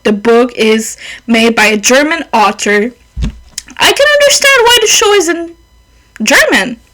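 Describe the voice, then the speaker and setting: A young woman, by mother tongue, hosts her podcast as a loose, rambling chat. Her voice sits a little high, and she swears lightly as she wanders between thoughts. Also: fairly bright tone, rough recording. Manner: chatty, rambling, swears casually. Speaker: podcast host. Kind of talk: casual chat.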